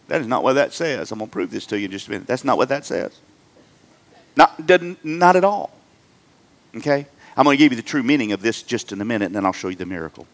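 A middle-aged man preaching a humorous sermon, jumping between loud emphatic lines and quiet joking asides. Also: medium pitch, very animated, moderate pace. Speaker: pastor.

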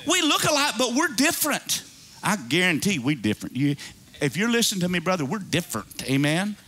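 A man's voice: sits high, big pitch swings, brisk, pushed and bright. A pastor in his fifties preaching a sermon. He is exuberant and jokey and breaks into whooping exclamations.

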